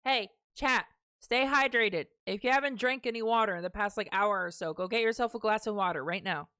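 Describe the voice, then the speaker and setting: A woman's voice: medium pitch, a little fast, no echo. A young woman streaming a game, chatting casually and joking with chat, often swearing. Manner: animated, profane, joking with chat. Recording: game music in background. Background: game music.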